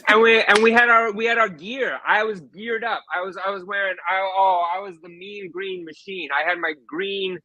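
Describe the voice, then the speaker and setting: A man with a high-sitting voice tells a funny anecdote in a casual chat as a guest author, animated and quickly restarting his sentences.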